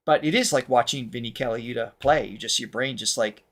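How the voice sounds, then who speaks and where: A man with a medium-pitched voice speaks fairly quickly as he hosts a reaction show in the role of a vocal coach. He explains things in a casual, animated way and laughs often.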